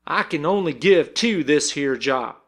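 A man voicing a grave, slow-spoken cowpuncher with a dry sense of humor. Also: on the high side, animated, creaky, fairly bright tone, heavily acted.

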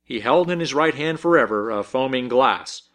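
A man reading a story aloud as narrator, telling it in an expressive, measured way. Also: mid-range voice.

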